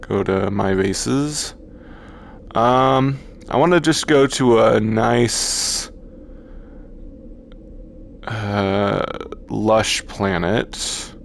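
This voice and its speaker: Slow gravelly man narrating VR play. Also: lowish voice, a little hiss or hum. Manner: slow, halting, awestruck. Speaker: gaming YouTuber. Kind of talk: VR gameplay commentary.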